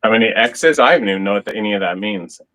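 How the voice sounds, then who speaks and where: A man's voice: lowish voice, animated, fast talker, fairly bright tone, poor audio. A man hosting a casual fishing show, chatting loosely, swearing now and then, and showing off his rod and reel. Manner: laid-back, swears casually, shows gear on camera. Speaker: host. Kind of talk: casual fishing livestream chat.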